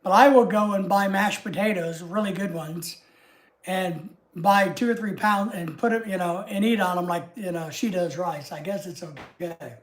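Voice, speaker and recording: A woman's voice: fairly low pitch, moderate pace. A woman with a Southern US accent hosting a livestream, chatting casually with viewers in a rambling, homey way. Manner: rambling and homey, chatting easily with frequent asides. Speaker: livestream host.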